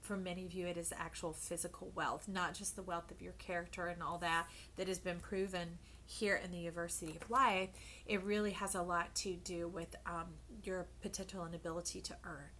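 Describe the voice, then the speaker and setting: Bright-voiced playful woman tarot reader. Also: lowish voice, fairly quick, a little hiss or hum. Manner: playful and animated, often dropping to a soft whisper; calls listeners "baby" and "y'all". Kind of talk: casual tarot reading to camera.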